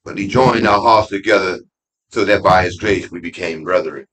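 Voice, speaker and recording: A middle-aged man, an imam giving a conversational Friday sermon with street slang, dropping to low asides and rising to loud emphatic peaks. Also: moderate pace, rough recording. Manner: street slang and laughter mixed into preaching. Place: mosque.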